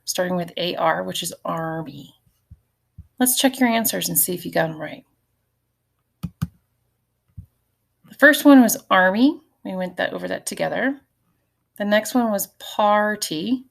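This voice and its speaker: Slow, gravelly-voiced woman teacher. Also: medium pitch. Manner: slow, patient, sounding out syllables and letters. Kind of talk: recorded phonics lesson for students.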